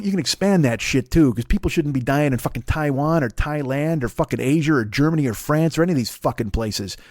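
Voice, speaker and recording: A man's voice: mid-range voice, a little mellow, dry recording, studio quality. A man in his forties, a comedian hosting his own show, ranting with heavy swearing and mocking voices. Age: 40s. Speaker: comedian podcast host. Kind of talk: profane comedic rant.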